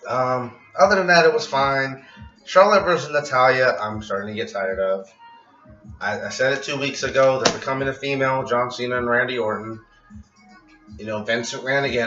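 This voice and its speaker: A man's voice: mid-range voice, normal speed, bright, forceful tone. A man reviewing a wrestling show in a casual, rambling vlog, wry and freely profane. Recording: echoey, dull, distant with music.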